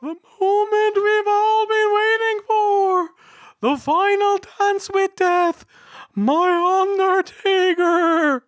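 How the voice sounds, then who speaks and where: A man putting on a theatrical funeral-director man with a high, crying, drawn-out wail. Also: steady tone, fairly bright tone, no room sound, studio quality, soft background music, full character voice.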